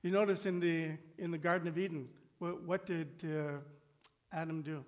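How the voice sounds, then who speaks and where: A man with a high, light voice delivers a sermon to his congregation. He slows down and falls to a near hush on the phrases he wants to land, then rises sharply to mimic whiny complaints. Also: fairly even intonation. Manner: acts out complaining voices with rising pitch. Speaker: pastor.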